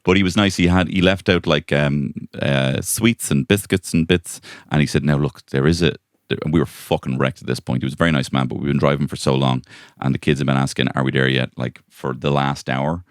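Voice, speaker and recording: A very low-voiced Irish man talks in a loose, rambling way, slipping into other people's voices as he tells a story. His voice sounds close and dry, with no room around it. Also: fairly even intonation, brisk, few pauses, no room sound. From Ireland. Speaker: podcast co-host. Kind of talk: casual comedic chat. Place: bedroom.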